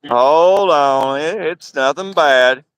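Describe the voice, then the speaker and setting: A man hosting a casual comedic chat, excitable and quick to exclaim. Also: a little high, smooth. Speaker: host.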